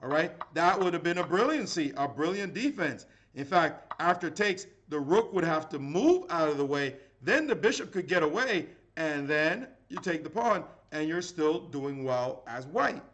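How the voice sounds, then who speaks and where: A middle-aged man breaks down chess games live, his voice sitting a touch higher than most men's. He talks in a lively, playful way and throws in sudden dramatic exclamations. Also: normal speed, hardly any pauses. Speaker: chess grandmaster commentator.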